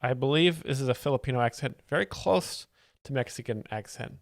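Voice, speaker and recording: A male host explaining jokes in a deadpan, mock-serious expert manner, often halting over his words. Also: mid-range voice, creaky, no echo, clean studio sound.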